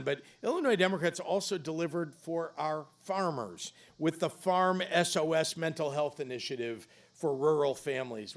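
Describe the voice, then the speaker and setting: A middle-aged man delivers a political stump speech into a podium microphone. His voice sits a little high and carries a gravelly rasp. He pushes out loud punches and drops low for the grave points. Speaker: governor giving a campaign speech. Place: public campaign event.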